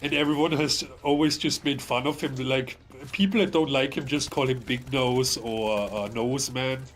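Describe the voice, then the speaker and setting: A man's voice: mid-range voice, steady tone, normal speed. A man chatting casually on a podcast, rambling through a long story with plenty of fillers, stammers and swearing. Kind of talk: casual chat.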